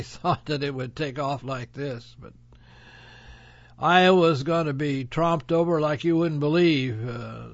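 A man's voice: fairly high pitch, vocal fry, no room sound. A man hosting a radio show in a rambling, folksy monologue, chuckling often and boasting. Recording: dull lo-fi audio.

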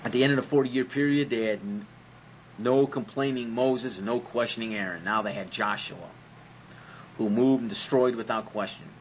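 A man's voice: mid-range voice, normal speed, lo-fi sound, slight background noise. Sarcastic, profane man. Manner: sarcastic and profane, uses rhetorical questions. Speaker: host. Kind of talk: comedic monologue on religion.

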